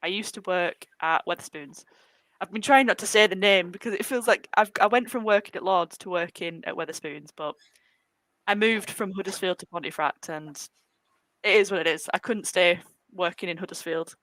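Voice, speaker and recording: A woman's voice: lowish voice, normal speed, a bit bright, dry recording, low-quality recording. A young woman co-hosting a casual live chat, chatty and laughing often. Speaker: co-host, former brewery worker.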